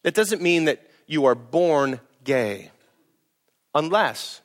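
A middle-aged man, a pastor preaching a sermon in a blunt, emphatic way, swinging from loud to hushed. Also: mid-range voice, animated, a little slow.

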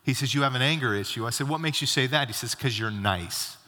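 A middle-aged male pastor delivers a sermon in a loose, conversational storytelling manner, slipping into the voices of the people in his story. His tone is bright and forward. The sound carries a long reverb tail from a large church auditorium. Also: medium pitch, racing. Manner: conversational storytelling, acts out quoted dialogue.

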